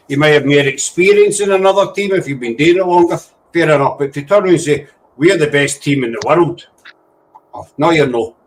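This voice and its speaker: A man's voice: fairly high pitch, rough recording. A man hosting a casual chat, rambling and easily sidetracked. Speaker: host.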